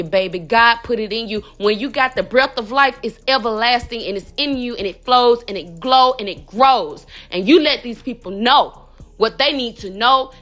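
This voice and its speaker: A woman in her morning voice giving a casual, animated spiritual reading, talking straight to the listener and calling them baby. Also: mid-range voice. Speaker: spiritual reader podcaster.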